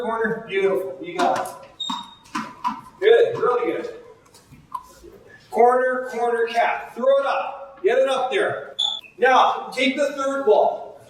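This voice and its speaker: A man coaching goalies through a juggling drill, calling out repeated cues with steady energy. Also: extremely high pitch, takes it slowly, pauses often, noisy background. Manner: energetic, repetitive cueing. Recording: very echoey, distant mic.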